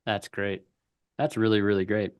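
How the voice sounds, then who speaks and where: A man's voice: on the low side, little pitch movement, moderate pace, clear, resonant tone. A man hosting a webinar in casual conversation, telling stories and laughing often. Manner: chatty storyteller, laughs often. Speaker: webinar host.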